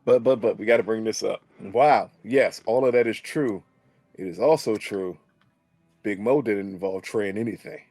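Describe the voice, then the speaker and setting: A man's voice: normal speed, no echo, faint music behind. A man co-hosting a TV recap in casual chat, cracking jokes. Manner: joking, lively, laughs into high pitch. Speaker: podcast co-host.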